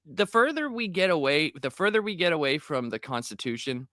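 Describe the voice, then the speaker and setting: A man from West Virginia tells stories on a podcast with lively energy and plenty of swearing. His voice is bright and slightly high, recorded close and dry. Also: brisk, no echo. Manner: profane, animated storyteller. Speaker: podcast co-host. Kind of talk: casual chat.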